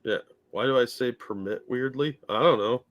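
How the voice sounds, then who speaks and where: A man's voice: medium pitch, moderate pace, fairly bright tone. A man co-hosting a live political reaction stream, bantering in a dry, easygoing way. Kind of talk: casual live reaction chat.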